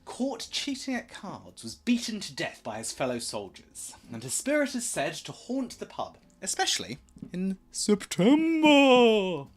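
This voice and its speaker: A man's voice: on the high side, huge pitch swings, normal speed, hardly any pauses. A man giving a casual, rambling slideshow presentation for a charity stream, full of jokey asides and self-corrections.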